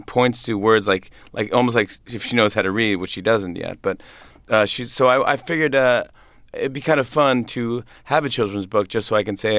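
A man's voice: fairly low pitch, fairly bright tone, no echo. A man in his thirties, a comedian, chatting in an interview, laughing often and acting out voices in his stories. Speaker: comedian and guest. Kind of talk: interview conversation.

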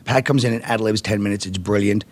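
A man from Brooklyn, a comedian guest, telling stories in an animated, rambling way and laughing often. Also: lowish voice, quick pace. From Brooklyn, New York. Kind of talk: casual interview storytelling.

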